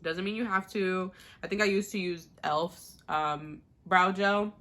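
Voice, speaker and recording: Chatty young woman with a bright voice. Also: on the low side, unhurried. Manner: chatty, rambling, uses "like" a lot. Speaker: beauty vlogger. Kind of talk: casual makeup tutorial chat.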